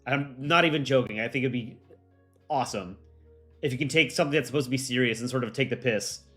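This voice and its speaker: A man's voice: mid-range voice, quick pace, fairly bright tone, faint music behind. A young man hosting a livestream, chatting casually and rambling with lots of fillers. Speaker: livestream host.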